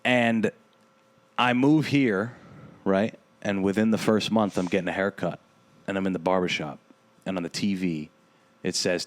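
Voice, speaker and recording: A man's voice: low-pitched, steady tone, moderate pace, long pauses. A young man hosting a podcast, telling a rambling, profane story in casual chat with lots of fillers. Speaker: podcast host.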